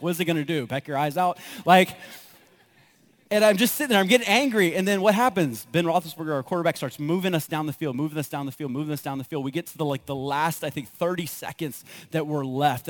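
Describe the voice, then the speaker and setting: Guy pastor preaching, kinda high voice, gets really into his stories and acts out what he said. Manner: animated storytelling, acts out his own reactions. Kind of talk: sermon with personal stories.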